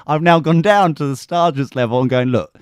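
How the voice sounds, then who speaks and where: A man's voice: fairly high pitch, fairly quick, clear, resonant tone, dry recording, studio quality. A man co-hosting a podcast, telling a rowdy story in casual chat and acting out quotes in camp voices. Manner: animated, sweary, acts out quotes in camp voices. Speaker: podcast co-host.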